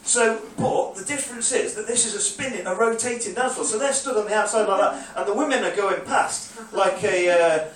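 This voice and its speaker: A man doing a stand-up comedy set, rambling through a story and acting out drunk clubbers in shouted bursts. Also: high-pitched, brisk, hardly any pauses. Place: comedy club stage, live audience. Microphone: phone recording from the audience. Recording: very echoey room, far from the phone.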